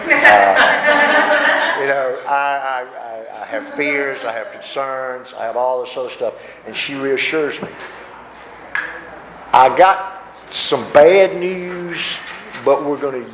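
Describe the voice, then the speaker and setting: A man, giving a folksy, self-mocking personal recovery talk at a workshop. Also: mid-range voice. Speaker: workshop speaker. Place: convention hall. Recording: echoey room with background noise.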